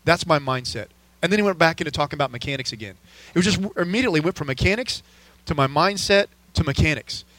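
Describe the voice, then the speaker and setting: A man in his forties, a sports physician hosting a podcast, telling stories in a relaxed, casual way with easy laughs. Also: a little high, racing, a little hiss or hum, rough recording. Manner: relaxed storyteller, laughs easily.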